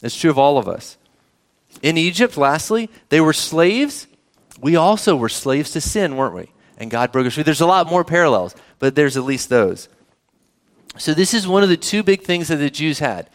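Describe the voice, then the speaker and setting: A man preaching a sermon, his voice sitting a little higher than most men's. He talks in a conversational way and keeps putting questions to the congregation. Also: very animated, moderate pace. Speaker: pastor.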